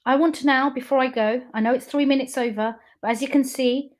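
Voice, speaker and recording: A woman's voice: sits high, steady tone, brisk. A woman giving an emotional, accusatory livestream address to her family. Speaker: company founder addressing family online.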